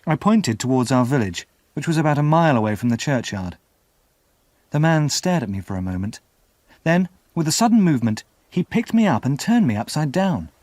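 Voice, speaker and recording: A male narrator reads a classic story for English learners in a clear, measured way. His pitch moves expressively through the sentences, and the recording is close and dry. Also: sing-song, darkish tone, dry recording. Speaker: audiobook narrator.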